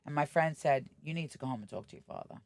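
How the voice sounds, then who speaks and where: Blunt, animated and unafraid to swear, a middle-aged woman tells stories as a guest on a podcast, slipping into the voices of the people she quotes. Her voice is low-pitched and her pace quick, and there's no room sound in this casual interview.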